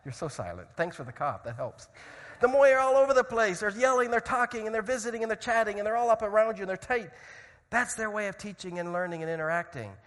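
A man preaching a sermon, telling a story dramatically and swinging from loud shouts to hushed tones. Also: high-pitched, lively intonation, quick pace, in a large hall.

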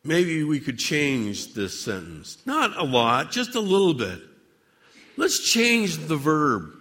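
A man preaching a dramatic sermon monologue addressed to God, with measured, theatrical delivery and long pauses. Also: a little high, wildly swooping pitch, bright, forceful tone, big-room sound.

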